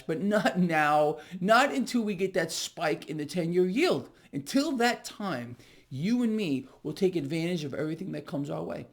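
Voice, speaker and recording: A man delivering market commentary straight to viewers, emphatic and repetitive, often calling them "people". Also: sits high. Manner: emphatic, repeats words, addresses viewers as "people". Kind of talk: direct-to-camera market commentary.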